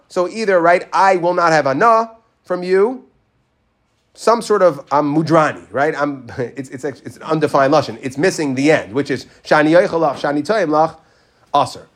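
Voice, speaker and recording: High-voiced man teaching a Talmud class. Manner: questioning, repeats Hebrew phrases in a chanting rhythm.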